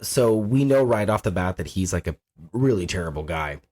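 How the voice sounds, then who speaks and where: A man's voice: low-pitched, moderate pace. A man co-hosting a podcast, casually recapping a film with frequent swearing and laughter. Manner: swears freely, laughs often, lively storytelling. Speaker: podcast co-host.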